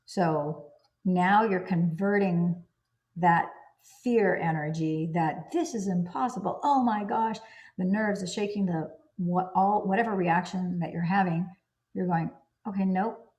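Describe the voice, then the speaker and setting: Woman, lowish voice, earnest, emphatic, book-reading host, lists of words. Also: a little slow, a little mellow. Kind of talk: reading aloud and personal commentary.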